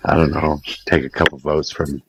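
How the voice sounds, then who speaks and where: A man's voice: extremely low pitch, flat delivery, normal speed, creaky, noisy background. A man hosting a voice chat, asking callers blunt questions with a sarcastic edge. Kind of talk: casual debate.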